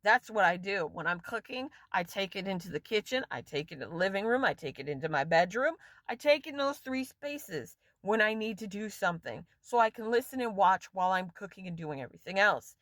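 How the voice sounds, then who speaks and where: A woman's voice: medium pitch, no echo. Lady ranting and swearing to the camera, dry close sound. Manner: angry, profane, animated rant. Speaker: vlogger. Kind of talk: casual ranting monologue.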